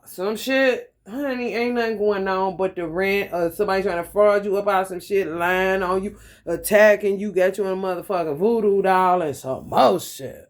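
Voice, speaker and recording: Woman tarot reader, loose profane delivery, animated, laughs often, mid-pitched voice, talks straight to camera. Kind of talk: casual profane tarot reading monologue.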